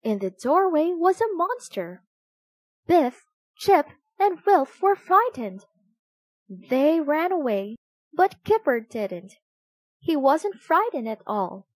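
A woman reading a children's story aloud, slow and expressive in a sing-song way. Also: high voice, dry recording. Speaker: storybook reader.

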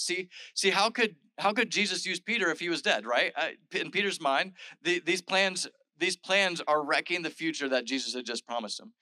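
Bright-voiced, chatty male pastor. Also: fairly high pitch, lively intonation, normal speed, no echo, low-quality recording. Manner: chatty and informal, full of "like" and "all right"; retells scripture in modern everyday speech. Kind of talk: casual conversational sermon.

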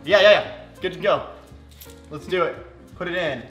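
A young man chatting while cooking, loud and excitable, swearing a lot. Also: sits high, moderate pace, reverberant, muffled recording, faint music behind. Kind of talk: casual chat while cooking. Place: home kitchen.

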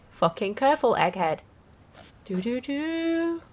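A young woman giving loud, profane, self-mocking commentary while playing a game. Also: on the high side, very animated, a little slow. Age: young adult. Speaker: gaming video host. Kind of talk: profane let's-play commentary.

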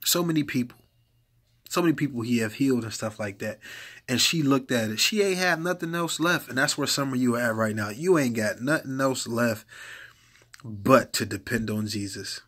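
A man's voice: medium pitch, normal speed, a bit bright. A man preaching informally to camera in an earnest, exhorting way, repeating his points for emphasis. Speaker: lay preacher.

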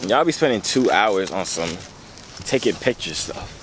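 A man's voice: fairly low pitch, very animated, normal speed. A young man vlogging at the beach, joking and teasing his friends in casual chat. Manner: teasing, playful, laughs a lot. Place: outdoors at a beach. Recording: outdoor phone recording with noise.

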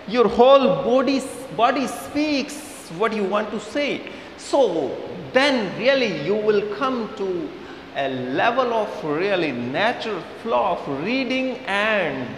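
A man with an Indian English accent gives a video English lesson in a fairly high voice. He speaks slowly and with emphasis, repeating key words so the students catch them. The room is echoey, with a faint hiss in the recording. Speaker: English teacher.

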